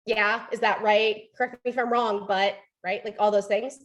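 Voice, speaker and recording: A woman's voice: medium pitch, fairly even intonation, normal speed, hardly any pauses. A young adult woman running a live training talk, chatty, filling her speech with "like" and "right?", and acting out sample customer lines. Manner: frequent "like" and "right?" fillers. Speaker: sales team trainer.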